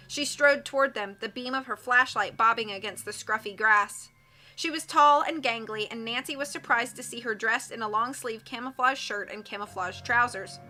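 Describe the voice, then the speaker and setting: Woman audiobook reader, bright and somewhat high, steady expressive narration. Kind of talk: reading a mystery novel aloud.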